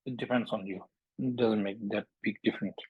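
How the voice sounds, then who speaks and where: A man from Bhutan teaching a language lesson, speaking halting English, repeating words and drilling sounds aloud. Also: lowish voice, fairly even intonation, husky, no room sound, phone-quality sound.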